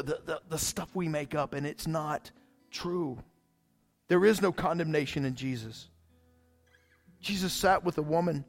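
A man's voice: a little high, vocal fry. A male pastor preaching a sermon in a casual, fired-up way, often saying "man".

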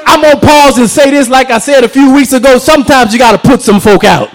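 A man preaching an impassioned sermon, shouting and tuning his lines with call-and-response. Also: very high-pitched, fast, soft background music, poor audio.

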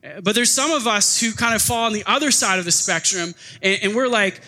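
A man's voice: high-pitched, brisk. A man preaching a sermon in a casual, conversational way, often acting out what people say. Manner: conversational, animated preaching with acted-out quotes. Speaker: pastor. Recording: long hall reverb.

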